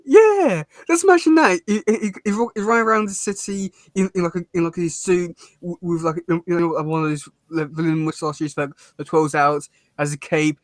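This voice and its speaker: A man's voice: high voice, moderate pace, hardly any pauses, no echo, studio quality. A man co-hosting a casual cartoon review chat; he rambles, restarts often and laughs a lot. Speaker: podcast co-host.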